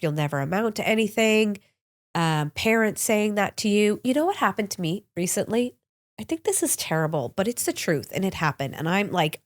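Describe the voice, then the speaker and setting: A woman hosting a podcast, candidly telling personal stories in a chatty, open way, sounding a little congested and sniffly. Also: on the low side. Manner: chatty, open, with frequent "like" and restarts. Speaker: podcast host.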